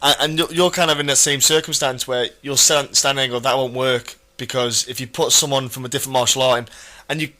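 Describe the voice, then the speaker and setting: Male podcast host, bright tone, eager and chatty, restarts sentences a lot. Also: mid-range voice, steady tone, fast. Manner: eager, stumbles and restarts often. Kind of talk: casual chat.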